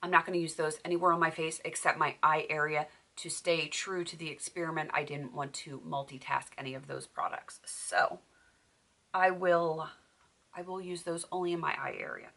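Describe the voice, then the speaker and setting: A woman with a bright, edgy tone and a fairly low pitch talks through her makeup routine in a chatty, self-deprecating vlog style. Her voice is going hoarse as she talks. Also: moderate pace. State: losing her voice. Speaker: beauty vlogger. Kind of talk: casual makeup tutorial chat.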